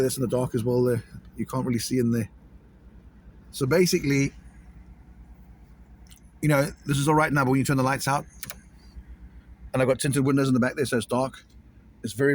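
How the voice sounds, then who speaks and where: A man's voice: medium pitch, a little hiss or hum. A man vlogging casually to camera, rambling and repeating himself in an uneasy way.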